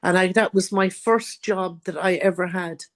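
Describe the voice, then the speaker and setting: A woman's voice: on the low side, steady tone, normal speed. An Irish woman, a guest author, telling her own life story in an interview and acting out what others said. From Ireland.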